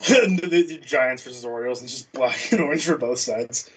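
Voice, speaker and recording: A man's voice: medium pitch, moderate pace, noisy background. A man co-hosting a casual baseball watch-party stream, laid-back, laughing easily and trailing off. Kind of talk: casual chat.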